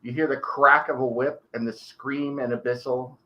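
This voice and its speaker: A man's voice: mid-range voice, steady tone, measured pace, muffled recording. A man running a tabletop game as game master, describing scenes and explaining options.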